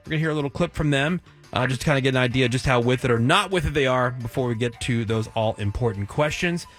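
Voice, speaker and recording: Male radio host, brisk and upbeat, music bed under. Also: mid-range voice. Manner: brisk, upbeat, plugging the call-in number. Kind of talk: morning radio banter.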